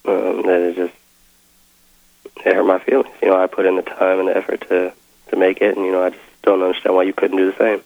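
Young man, caller, very low monotone voice, hesitant, tinny phone line. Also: fast, creaky, dry recording. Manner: hesitant, many ums and restarts. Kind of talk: phone call to radio show.

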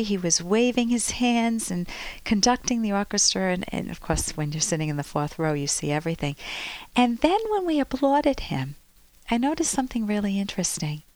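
A woman hosting a radio advice show, talking through stories and advice in a chatty, expressive way with sudden upbeat rises. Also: lowish voice, dry recording. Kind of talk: radio call-in advice monologue. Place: radio studio.

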